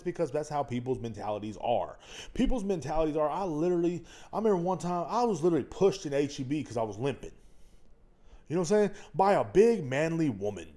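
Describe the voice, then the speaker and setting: A young man from Texas, hosting a casual solo podcast, rambling and ranting with lots of swearing. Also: mid-range voice. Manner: profane, rambling, animated ranting. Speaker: podcast host.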